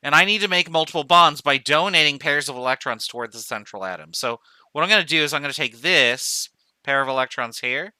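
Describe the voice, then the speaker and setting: A man gives a recorded chemistry lecture in a very bright, crisp and smooth voice. He talks through each step aloud, counting off items and correcting himself as he goes. The sound is dry and close. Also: fairly high pitch, lively intonation, brisk, dry recording. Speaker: chemistry professor.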